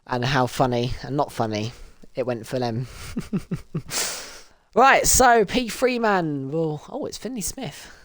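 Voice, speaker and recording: A woman hosting and commentating a sim racing event, laughing often and straining her voice from shouting. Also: dry recording, clean studio sound. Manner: excitable, laughs often, voice leaps high and loud in exciting moments. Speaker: race commentator and host.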